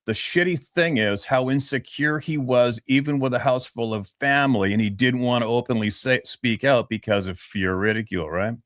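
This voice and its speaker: A man's voice: medium pitch, normal speed, few pauses, no echo, studio quality. A man in his fifties from Vancouver Island, telling stories bluntly and profanely as an interview guest over a remote call. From Vancouver Island, Canada. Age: 50s. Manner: blunt, profane, animated storyteller. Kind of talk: casual storytelling interview.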